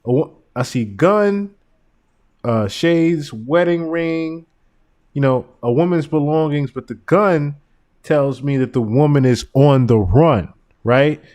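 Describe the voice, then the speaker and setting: A man hosting a podcast, giving casual commentary and animated stories, often breaking into laughter. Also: on the high side, slow. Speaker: podcast host.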